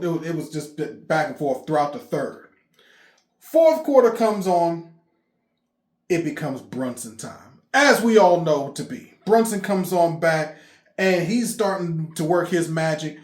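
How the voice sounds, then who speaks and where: A man, excitedly recapping a basketball game for his fan vlog, emphatic and repeating himself. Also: sits high, echoey room. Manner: animated, emphatic, repeats himself, laughs often. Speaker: sports fan vlogger.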